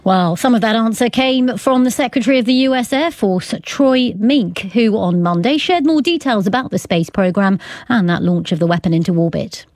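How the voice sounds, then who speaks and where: A woman presenting a live radio news programme in a clear, conversational way from a studio. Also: on the high side, expressive, normal speed, few pauses, a little mellow.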